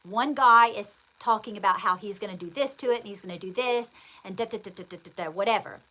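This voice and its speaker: A woman with a bright, clear voice chats her way through a personal story, rambling and circling back as she goes. She talks straight to her listener, calling them darling, in an easy, conversational way. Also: medium pitch, quick pace, low-quality recording. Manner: chatty, rambling, addresses the listener directly with endearments. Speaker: host. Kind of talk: casual storytelling chat.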